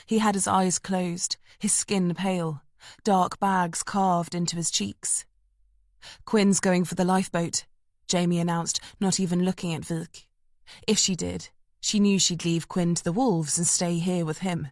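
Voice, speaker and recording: A woman narrates a thriller audiobook in a measured, tense storytelling manner. Her voice sits low for a woman, and the recording is dry and close. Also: fairly even intonation, a little mellow, dry recording. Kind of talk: scripted narration.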